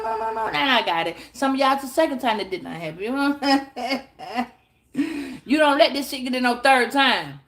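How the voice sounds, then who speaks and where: A high-voiced woman talks straight into her phone. She gives tarot advice bluntly and with plenty of swearing. She keeps breaking into acted-out little scenes. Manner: blunt, profane, animated, acts out little scenes. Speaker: tarot reader. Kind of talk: casual advice monologue.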